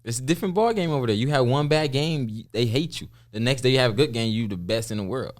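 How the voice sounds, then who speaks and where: A man talking casually as a guest on a podcast, plain-spoken and relaxed. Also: medium pitch, fast. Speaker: guest, pro basketball player.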